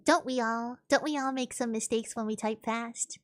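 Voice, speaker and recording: A woman's voice: on the high side, fairly even intonation, moderate pace. A woman streamer chatting casually while gaming, thinking aloud and answering chat.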